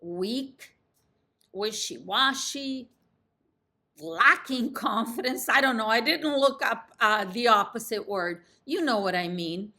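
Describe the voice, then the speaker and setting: A woman coaching real estate agents in an emphatic, confident talk that drops in pitch at the end of each sentence. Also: animated, takes it slowly, sharp tone. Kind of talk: instructional talk to camera.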